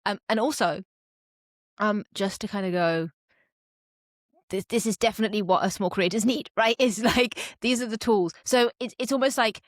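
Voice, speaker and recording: A woman's voice: mid-range voice, moderate pace, no echo, clean studio sound. A woman co-hosting a podcast in casual chat, playful and teasing, laughing a lot. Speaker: podcast co-host.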